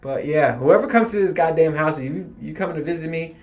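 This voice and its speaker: A man with a voice pitched a bit higher than most men talks casually through a solo podcast. He rambles from story to story, swears freely, and breaks into laughter often. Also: brisk, darkish tone. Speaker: podcast host.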